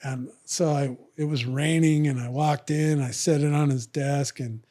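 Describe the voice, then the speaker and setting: Older man, podcast guest, slightly high voice, rambling casual storytelling, acts out other people's voices, trails off quietly. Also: steady tone, unhurried.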